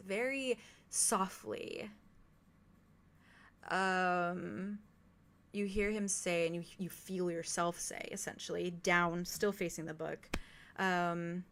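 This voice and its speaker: A young woman narrating a tabletop role-playing game as game master, hesitant and full of fillers. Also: mid-range voice.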